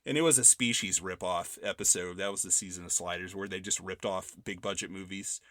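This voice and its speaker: A man in his thirties co-hosting a podcast, joking about a movie in an animated way with quick laughs. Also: low-pitched, dry recording, studio quality. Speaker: podcast co-host. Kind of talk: casual movie review chat.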